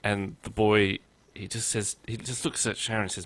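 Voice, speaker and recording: A man co-hosting a podcast in casual chat, telling anecdotes with dry, deadpan humor. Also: on the low side, normal speed. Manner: tells anecdotes. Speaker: podcast co-host.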